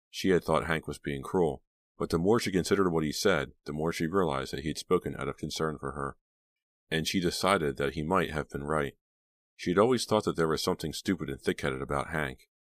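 A man narrating an audiobook in a steady, measured storytelling manner on a close mic. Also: rumbling low, no room sound. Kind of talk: scripted narration.

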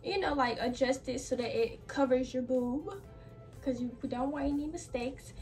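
This young woman's voice sits high and sounds a little mellow, moving at a moderate pace. A fashion vlogger, she's talkative and slightly breathless while demonstrating a clothing DIY, saying "like" and "y'all" a lot. The recording is distant from the mic, with quiet music behind.

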